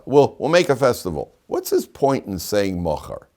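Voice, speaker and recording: A middle-aged man lecturing a class as a rabbi, with an ordinary, mid-range voice. He tells stories with a lot of expression, swinging from quiet asides to loud, emphatic high points. He stops often to quiz his listeners. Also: moderate pace. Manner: animated storyteller, swings between loud emphatic peaks and low asides, quizzes students.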